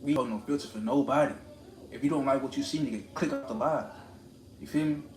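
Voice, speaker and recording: A man's voice: mid-range voice, brisk. A man streaming live, talking in a confrontational, preachy rant and repeating lines for emphasis. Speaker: livestreamer. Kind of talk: ranting live stream monologue. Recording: roomy echo with steady background noise.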